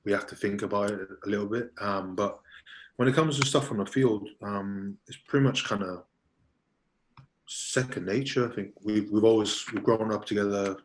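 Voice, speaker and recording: Man, low-pitched, soft-spoken, laid-back, hesitant, podcast guest. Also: fairly even intonation, normal speed, a little hiss or hum, rough recording. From Wales. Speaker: guest, rugby player. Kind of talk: casual podcast chat.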